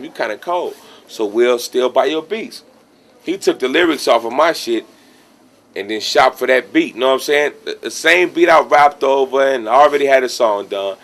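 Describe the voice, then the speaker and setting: A man with a Chicago accent telling a story in a casual interview, acting out what others said. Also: medium pitch. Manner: animated, acts out quotes of others. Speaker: rapper telling his story.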